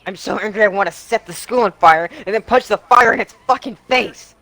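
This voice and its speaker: A man voicing a furious young male demon student, ranting and shouting threats. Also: high voice, a little fast, no room sound, voice pushed up.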